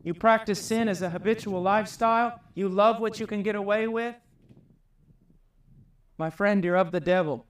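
A man preaching a sermon with passion, climbing high and loud to drive home his points. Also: normal speed, pauses often, distant mic. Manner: impassioned, rises high and loud for emphasis.

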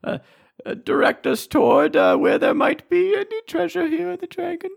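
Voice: extremely high pitch, big pitch swings, moderate pace, creaky, exaggerated voice. A player voicing a nervous, bumbling peasant hireling who stammers and talks in an overly formal way. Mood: hesitant.

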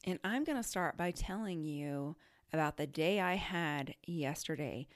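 A middle-aged woman hosting a podcast, telling a story in a casual, animated way, often laughing and quoting her own self-talk. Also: deep voice, measured pace, dry recording, studio quality. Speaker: podcast host.

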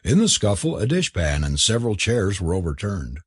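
A man narrating a novel as an audiobook in an expressive, measured storytelling manner. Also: sits low, breathy edge, dry recording, clean studio sound.

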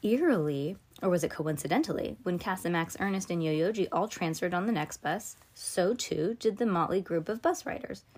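A woman's voice: fairly low pitch, lively intonation, normal speed, hardly any pauses, a little mellow, slightly rough. A woman hosting a podcast, reading a children's novel aloud in a casual way with chatty asides. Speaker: podcast host.

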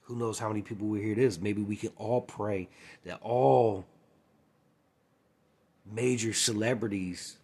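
A man's voice: lowish voice, steady tone, unhurried, pauses often, darkish tone, breathy edge. A man in a casual storytelling monologue, acting out old conversations and often adding "you know what I'm saying". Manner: acts out past conversations. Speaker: former music manager.

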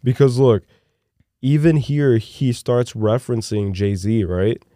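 A young man co-hosting a podcast in casual chat, rambling excitedly and peppering his talk with "look" and "dude". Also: medium pitch, slow pace, no room sound, studio quality. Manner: animated and rambling, with many "look" and "dude" fillers. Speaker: podcast co-host.

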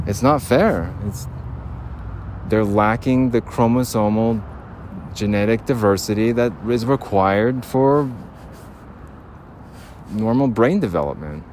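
A man's voice: lowish voice, takes it slowly, long pauses, darkish tone. A man rambling through an audio diary while walking in a city park, often laughing. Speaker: podcast host. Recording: faint outdoor street noise.

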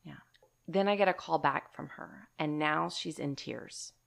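A woman co-hosting a podcast tells a story in casual chat, animated and emphatic, calling her listeners y'all and swearing casually. Her voice is deep and creaky, and she speaks at a measured pace.

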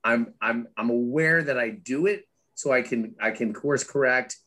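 A man's voice: mid-range voice, normal speed, bright, forceful tone. A middle-aged man, a guest speaking candidly in an interview, with many restarts and fillers as he tells stories animatedly. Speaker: guest, author and former Wall Street trader.

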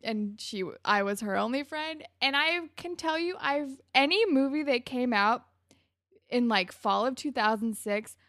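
A woman's voice: high voice, animated, unhurried, fairly bright tone, dry recording, clean studio sound. A young woman co-hosting a podcast, telling chatty, self-mocking stories while recapping a show. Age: young adult. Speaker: podcast co-host. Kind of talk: casual recap chat.

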